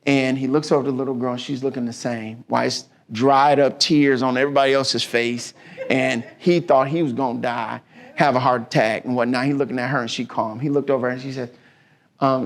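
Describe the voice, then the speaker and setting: Man, gravelly, folksy motivational speaker, mid pitch. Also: fairly even intonation, a little fast. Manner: folksy, preacherly, acts out story voices. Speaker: speaker at a business mixer. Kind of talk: motivational talk with storytelling.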